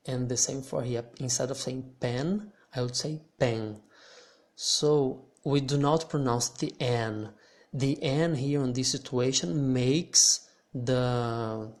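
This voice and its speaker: A man teaching pronunciation in English, patient and pausing with restarts. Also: medium pitch, a little mellow. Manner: patient, hesitant restarts, repeats words for practice. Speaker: language teacher. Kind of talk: slow explanatory lesson.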